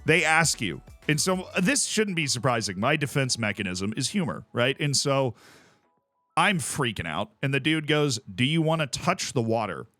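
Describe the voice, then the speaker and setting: A man streaming a game, telling stories in a casual, animated way and laughing often. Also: medium pitch, moderate pace, dry recording, soft background music. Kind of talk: casual chat while playing a game.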